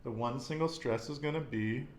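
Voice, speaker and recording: A man's voice: mid-range voice, moderate pace, roomy sound, a little hiss or hum. A man teaching a casual Spanish lesson, patiently repeating words and quizzing his student.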